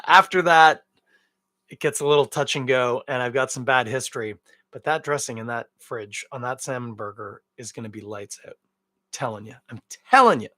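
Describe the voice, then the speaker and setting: A man's voice: medium pitch, dry recording, clean studio sound. Rambling, jokey man hosting a podcast. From Canada. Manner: rambling, jokey and animated, with big swings in loudness. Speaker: beer podcast host. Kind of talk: casual solo podcast chat.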